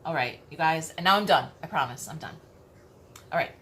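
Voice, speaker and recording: Emphatic woman with a lowish voice. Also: expressive, fairly quick, fairly bright tone. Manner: emphatic, repeats herself, frequent "okay?" check-ins, swears casually. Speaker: tarot reader. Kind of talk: spiritual teaching monologue.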